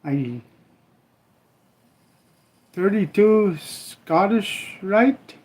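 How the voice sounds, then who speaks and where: A rambling older man from Minnesota hosts a casual live stream. His voice sits a little high for a man, and he keeps trailing off with a shrug of uncertainty while he cooks. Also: lively intonation, extremely slow, darkish tone. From Minnesota, USA. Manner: rambling, folksy, trailing off with "I don't know"; cooking while he talks. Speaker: livestream host.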